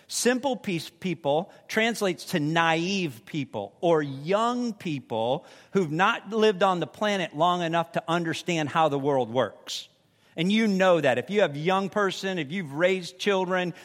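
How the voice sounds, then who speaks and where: Man, sermon, high voice, animated, acts out voices, long church-hall reverb. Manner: animated, acts out voices of people in his examples. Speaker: preacher.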